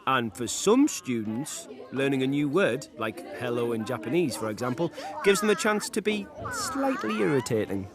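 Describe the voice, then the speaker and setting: A man's voice: mid-range voice, big pitch swings, moderate pace, a crowd in the background. A man giving playful, wry scripted narration for a documentary. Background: background music.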